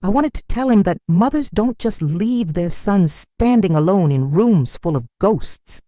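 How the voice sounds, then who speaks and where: A woman narrates a first-person story at a slow, measured pace. Her tone is mellow and somber, and her pitch moves a lot. The recording is close and dry. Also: lively intonation, no echo.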